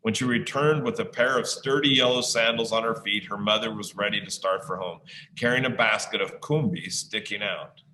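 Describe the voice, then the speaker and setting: A male teacher reading a story aloud to an online class, pausing often to ask the listeners questions. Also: fairly low pitch, sharp tone, a little hiss or hum. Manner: slow, pausing to quiz listeners. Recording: echoey room sound.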